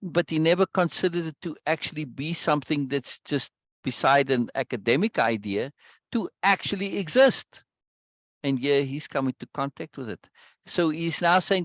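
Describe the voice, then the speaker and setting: A man's voice: a little high, animated, normal speed, fairly bright tone, no room sound. Man, discussion leader unpacking a text, restless restarts, checks in with "right?", dry and muffled sound. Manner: repeats words, asks "right?" often. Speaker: teacher leading a book discussion. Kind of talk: explaining a text aloud.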